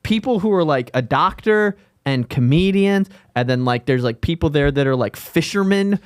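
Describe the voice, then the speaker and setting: A man's voice: a little high, animated, normal speed, smooth, no room sound. Man, podcast co-host, rambling and profane, dry close sound. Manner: rambling, profane storytelling with restarts. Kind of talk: casual chat.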